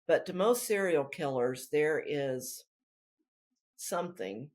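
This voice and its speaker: A woman with a husky, breathy voice that swoops around a lot as she talks. She is an author in a relaxed interview, and she wanders on and back in a chatty, rambling way. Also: sits low, takes it slowly. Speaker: author guest. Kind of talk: casual interview chat.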